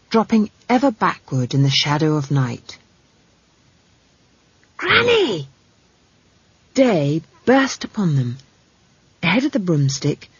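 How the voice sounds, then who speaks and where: A woman narrating a comic fantasy audiobook with wry, expressive storytelling and playful asides. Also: deep voice, slightly rough, no room sound, dull audio.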